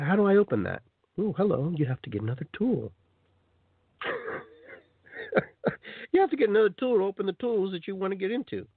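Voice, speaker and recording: A man hosting a live spiritual talk show, talking in a loose, animated way and acting out little scenes in playful voices. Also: fairly low pitch, dry recording, phone-quality sound. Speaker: host. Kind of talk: spiritual talk radio monologue. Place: radio show.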